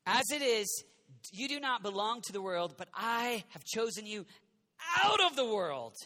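A man preaching to a youth crowd, his voice pitched very high and swinging widely as he jokes, acts out quoted voices and now and then shouts. The tone is bright and forceful throughout. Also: sing-song, measured pace. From United States. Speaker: youth minister. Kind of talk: energetic youth sermon.

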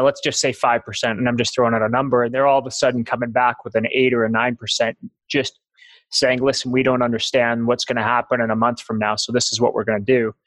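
A man's voice: mid-range voice, fairly bright tone, no echo, rough recording. A man hosting an interview, asking long, probing hypothetical questions. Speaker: podcast host.

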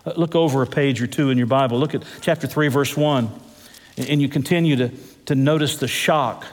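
A man preaching a sermon as pastor, swinging his pitch and drawing words out for emphasis. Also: brisk. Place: large church hall. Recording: echoey church hall.

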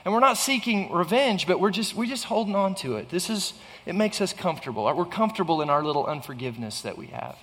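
A man's voice: sits high, big pitch swings, fast, few pauses, fairly bright tone, big-room sound. A man preaching a sermon in an earnest way, often restarting phrases and asking the listeners rhetorical questions. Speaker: pastor.

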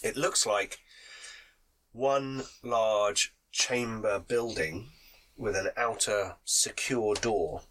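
Bright-voiced game master with a cold. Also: male voice, on the low side, very slow, slight background noise, poor audio. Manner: chatty, laughing, describing scenes. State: has a cold. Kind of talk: narrating a tabletop game.

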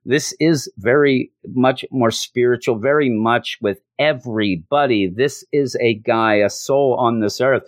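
A man walks through a show's episode in a casual, animated way, restarting his sentences often. His voice sits at an ordinary pitch, and the recording is dry and close. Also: unhurried, hardly any pauses, dry recording. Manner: animated, emotional, frequent restarts. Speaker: show recapper.

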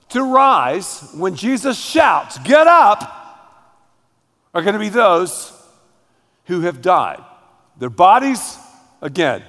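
A pastor preaching a sermon, emphatic and dramatic, calling on the congregation to repeat after him. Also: male voice, high-pitched, a bit bright. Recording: long hall reverb.

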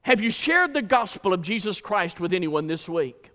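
A man preaching a sermon, swinging from loud rhythmic calls to quiet storytelling. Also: high voice, very animated, moderate pace, hardly any pauses. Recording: hall reverb.

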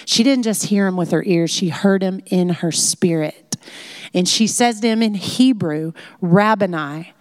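Woman, Bible study teacher, chatty and animated, mid-pitched voice, dry close sound. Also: no echo. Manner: chatty and animated, with frequent "like" fillers. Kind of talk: conversational Bible lesson.

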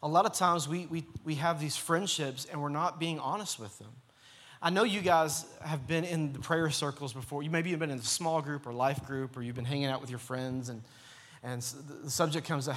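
A man's voice: fairly high pitch, fairly quick, a bit bright. A man preaching a sermon in church as pastor, earnest and urging, with lots of repetition.

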